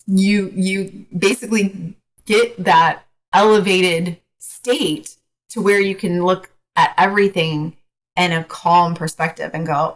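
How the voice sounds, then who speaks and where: A woman coach as a podcast guest, talking frankly in a casual, hesitant way with many pauses. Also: lowish voice, fairly even intonation, poor audio. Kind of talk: casual interview chat.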